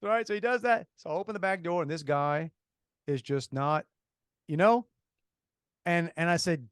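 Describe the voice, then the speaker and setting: A man with a Cajun accent tells a long story on a podcast in a fairly high voice. He talks in an animated, rambling way, full of restarts. The sound is close and dry. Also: moderate pace, long pauses, clear, resonant tone, dry recording. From Louisiana. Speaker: podcast co-host. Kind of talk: casual storytelling.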